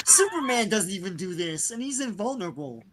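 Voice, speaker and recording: A man's voice: sits high, sing-song, normal speed, noisy background. A man co-hosting a casual comics chat, joking around and laughing often. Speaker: podcast co-host.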